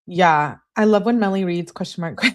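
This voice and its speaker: A woman hosting a live stream, reading text messages aloud and greeting her viewers between them. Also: fairly low pitch. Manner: reads texts with "she says" tags, chats with viewers. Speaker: livestream host reading case texts.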